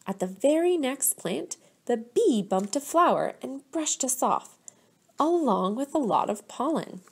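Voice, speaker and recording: A woman teacher reading a picture book aloud to children, gently stopping to ask them questions. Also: high voice, very animated, slightly rough. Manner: slow, gentle, pauses to quiz children.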